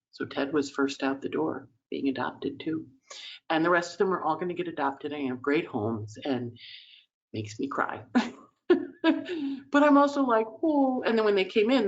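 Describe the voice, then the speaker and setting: Woman, astrology host, casual chatty talk, emotional, muffled lo-fi recording. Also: sits low. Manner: chatty, emotional, acts out voices in quotes. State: teary at times. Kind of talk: casual weekly astrology forecast.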